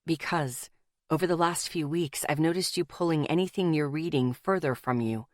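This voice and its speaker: Woman doing a soft, careful young man. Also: low voice, moderate pace, dry recording, clean studio sound, voice pushed down, lightly acted. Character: careful, observant young man, quietly firm.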